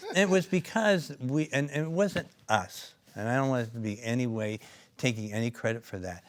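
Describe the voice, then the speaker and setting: A man's voice: medium pitch, moderate pace. A man co-founder and clinician telling stories in an interview, rambling with many asides and restarts. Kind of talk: interview storytelling.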